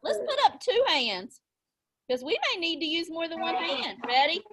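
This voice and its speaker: A woman teacher leading children through a phonics lesson on a video call, sounding out words slowly and encouragingly. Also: very high-pitched, big pitch swings, crowd noise. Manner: slow, encouraging, exaggerated sounding-out. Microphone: laptop mic on video call. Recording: noisy video call audio.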